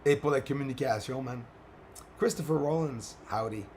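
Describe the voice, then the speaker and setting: Hoarse male streamer, chatty, mid-pitched, laughs a lot, faint background hiss. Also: moderate pace, a little mellow. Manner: chatty, greets viewers, laughs often. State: hoarse, strained voice. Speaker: live-stream host. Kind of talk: casual live-stream chat.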